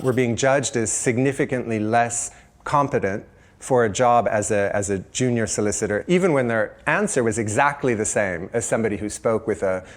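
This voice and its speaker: A male academic researcher answering interview questions. He explains findings in a measured, careful way, at a mid pitch.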